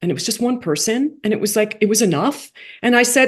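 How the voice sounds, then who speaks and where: A woman being interviewed, telling a story in a lively way that acts out quoted dialogue with big jumps in pitch and drops into soft, quiet asides. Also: fairly quick. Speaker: guest, coach for rabbis and playwright.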